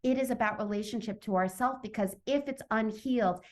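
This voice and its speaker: Woman guest, animated storyteller who acts out her own thoughts, video-call interview. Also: on the high side, brisk. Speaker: summit guest, author.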